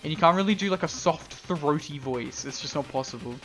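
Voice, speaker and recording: A man's voice: a little high, brisk, a bit bright. Rambling young man streaming a game. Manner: rambling, playful, with lots of fillers and swearing. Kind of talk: casual live gameplay commentary. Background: game music.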